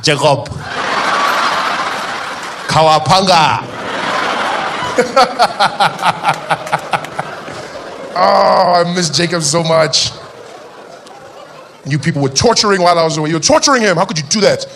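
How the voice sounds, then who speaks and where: A man's voice: high-pitched, a little slow, long pauses, crowd noise, noisy background. A man from South Africa performing a stand-up comedy routine on stage, telling stories and acting out the people in them. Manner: animated storytelling, voicing people in his anecdotes.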